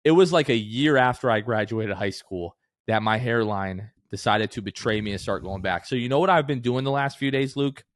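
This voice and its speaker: A man's voice: mid-range voice, moderate pace, no room sound, studio quality. A man in his late twenties co-hosting a casual podcast, telling stories and acting out what others said. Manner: animated storyteller, acts out quotes. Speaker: podcast co-host. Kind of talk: casual chat.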